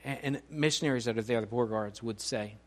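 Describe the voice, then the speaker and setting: Speaking fast in a mid-range voice, this middle-aged pastor preaches in a chatty, self-deprecating way. His sermon is full of restarted sentences and jokes at his own expense.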